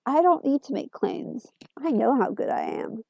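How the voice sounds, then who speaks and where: A smug, boastful rich man who collects aliens, played by a woman reading a story. He speaks a little high and mellow, close and dry. A storybook villain who loves to show off. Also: expressive, normal speed, creaky, no room sound, heavily acted.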